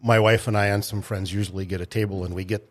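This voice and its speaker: A man's voice: fairly low pitch, flat delivery, fast. A middle-aged man, a comedian's father, telling anecdotes in a dry, matter-of-fact way on a radio interview. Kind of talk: casual radio interview chat. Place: radio studio.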